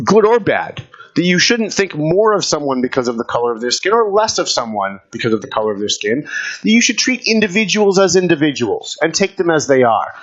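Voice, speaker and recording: A man holds forth as a talk show host in a combative, emphatic monologue. He hammers his points home in a voice pitched a bit high. The recording sounds dull and lo-fi. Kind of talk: opinion monologue.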